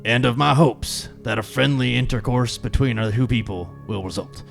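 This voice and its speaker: A man playing a stern starship captain in a radio drama, speaking in a deliberate, commanding way. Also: medium pitch, creaky, soft background music, close to an everyday voice.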